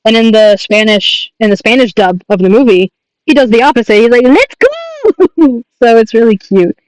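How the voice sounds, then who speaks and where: A man's voice: high-pitched, fairly even intonation, a little fast, clear, resonant tone, poor audio. A man chatting on his livestream, rambling enthusiastically with lots of fillers and restarts. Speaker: streamer and artist. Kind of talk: casual livestream chat.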